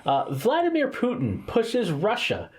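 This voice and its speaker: A man's voice: sits high, a little slow. A man co-hosting a casual gaming podcast, talking emphatically with fillers like "you know". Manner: animated, emphatic, with filler words. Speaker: podcast co-host. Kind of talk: casual chat about video games.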